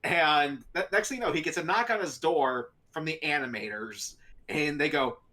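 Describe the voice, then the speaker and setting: A man's voice: fairly high pitch, normal speed, pushed and bright. Brief: young male podcast co-host, rambling storyteller, full of fillers, laughs often. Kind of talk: casual storytelling chat.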